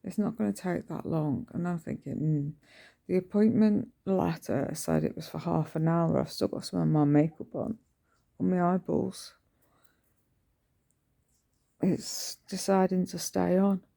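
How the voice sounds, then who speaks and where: A middle-aged woman talks into her phone at home in a slow, unhurried ramble. Her voice is dark and mellow with a gravelly edge. She meanders through her thoughts with plenty of ums and restarts. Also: fairly low pitch. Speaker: vlogger. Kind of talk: casual early-morning vlog chat. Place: at home indoors.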